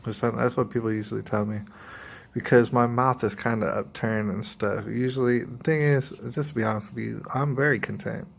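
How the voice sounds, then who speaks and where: A man's voice: medium pitch, fairly even intonation, a little fast, creaky. A man vlogging, talking about himself in a rambling, confiding way, sometimes acting out what others say. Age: adult, has a daughter. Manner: rambling, confiding, quotes others in put-on voices. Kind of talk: personal talk to camera.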